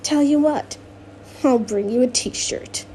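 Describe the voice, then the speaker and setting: A woman's voice: sits high, slow, mellow. Woman doing a mocking male patient on the run. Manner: hissing, scornful. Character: escaping male hospital patient, defiant and mocking.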